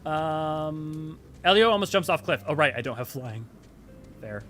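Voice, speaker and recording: A man's voice: fairly high pitch, measured pace, faint music behind. A man streaming a game, rambling and joking casually while he plays and chats. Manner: animated, rambling, jokey. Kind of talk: casual let's-play commentary.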